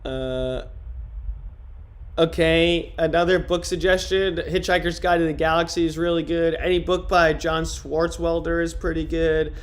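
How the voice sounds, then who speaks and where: High-voiced man trying out jokes. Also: a little slow. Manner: tries out deadpan stand-up jokes on the chat. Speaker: streamer. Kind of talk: casual livestream chat.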